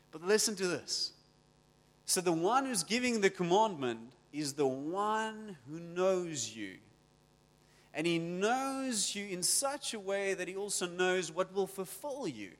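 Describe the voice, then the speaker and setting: Pastor, high-pitched, lively sermon, long hall reverb. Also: male voice, slow.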